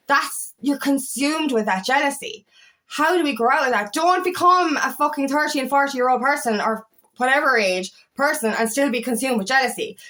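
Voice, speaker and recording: Blunt self-help coach woman, slightly high voice, swears a lot, heated rant vibe. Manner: blunt and heated, swears often, animated rants. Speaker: feminine empowerment coach. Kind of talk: casual talk to camera.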